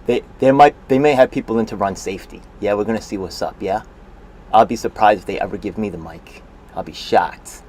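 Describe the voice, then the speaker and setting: A man's voice: on the low side, a little fast, a little mellow, a little hiss or hum. Man muttering sarcastic livestream commentary. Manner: sarcastic, scoffing asides. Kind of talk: profane running commentary over a video call.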